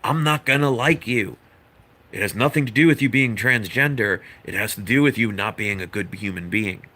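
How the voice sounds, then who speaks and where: Earnest man lecturing in a bright voice. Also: on the low side, normal speed. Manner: earnest, lecturing, rambling with asides. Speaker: vlogger. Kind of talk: opinion monologue to camera.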